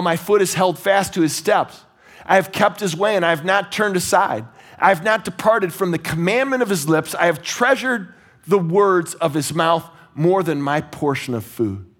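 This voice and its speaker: A man preaching a sermon, emphatic and earnest, swinging between high urgent bursts and low, slow, quiet emphasis, with some stammering restarts. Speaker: pastor.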